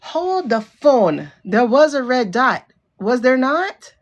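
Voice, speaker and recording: Woman streamer, AAVE, incredulous running commentary, voice swings high and low. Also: big pitch swings, slow, dull audio. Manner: incredulous, talks back at the screen. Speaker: livestream host. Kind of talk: casual livestream commentary.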